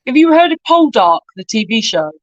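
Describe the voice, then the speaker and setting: A woman's voice: a little high, very animated, brisk, no echo, dull audio. A woman from Cornwall with a strong Cornish West Country accent, rambling and chatty as a podcast guest. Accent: Cornish West Country English. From Cornwall, England. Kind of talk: casual conversation.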